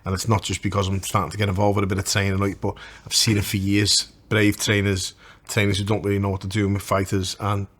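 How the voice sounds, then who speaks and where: Low, flat-voiced host. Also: male voice, fast talker, hardly any pauses. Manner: earnest, asks questions at length. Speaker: podcast host. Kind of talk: casual interview chat.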